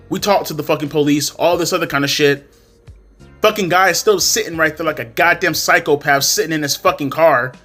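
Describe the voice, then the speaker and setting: Profane, sharp-voiced man ranting. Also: fairly high pitch. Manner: profane, blunt, heated. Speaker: commentary vlogger. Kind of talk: ranting commentary and storytelling.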